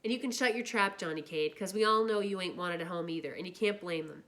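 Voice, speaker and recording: Woman reading as bitter teen boy, heated, louder, storybook read-aloud. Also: lowish voice, fast talker, natural voice. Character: bitter teenage boy lashing out.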